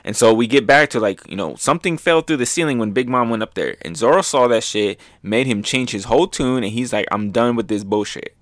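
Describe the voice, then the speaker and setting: Give me an excitable man with a mid-pitched voice casually recapping manga chapters, cursing often, recorded dry. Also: a little fast, few pauses, no room sound. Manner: excitable, swears freely, lots of fillers. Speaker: manga review host.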